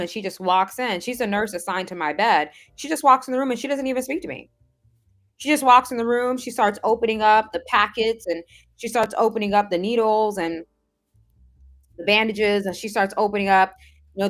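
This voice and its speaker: A woman telling a personal story as a vlog, animated and emphatic, acting out what others said. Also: mid-range voice. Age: adult, has seen the same doctor since age sixteen. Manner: animated, quotes others in a mimicking voice, emphatic and indignant. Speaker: self-improvement vlogger. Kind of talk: casual storytelling monologue.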